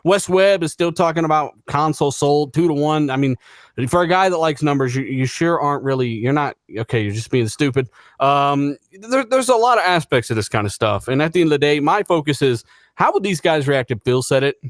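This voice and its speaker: A man's voice: on the high side, lively intonation, fairly quick, dry recording. Blunt male gaming podcast host. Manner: blunt, reads out chat comments. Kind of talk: casual panel chat.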